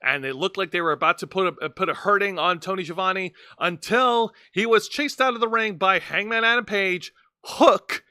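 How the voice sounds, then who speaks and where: A man hosting a wrestling podcast speaks in a bright, somewhat high voice, recorded close and dry. He explains events casually, tripping over words and restarting sentences. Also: normal speed, smooth, no echo. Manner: explanatory, stumbling restarts, laughing at partner. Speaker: podcast host. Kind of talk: casual wrestling review chat.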